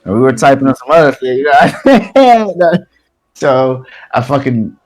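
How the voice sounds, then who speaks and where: A man's voice: medium pitch, very animated, unhurried, rough recording. Young man, blunt casual storytelling. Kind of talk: casual chat.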